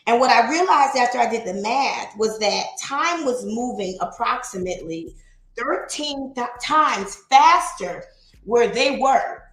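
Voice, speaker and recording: Woman host, casual livestream reader, chatty and quick to laugh, roomy echo on the voice. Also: on the high side, fairly bright tone. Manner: chatty, laughs often, reads poetry slowly. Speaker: livestream host reading aloud. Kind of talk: casual livestream reading and chat.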